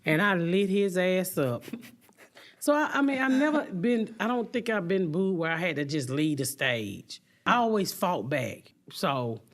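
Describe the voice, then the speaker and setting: A woman's voice: fairly low pitch, unhurried. A woman comedian telling candid stories in an interview, swearing freely and laughing as she goes. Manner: animated, profane, laughs through stories, acts out voices loudly. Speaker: comedian guest.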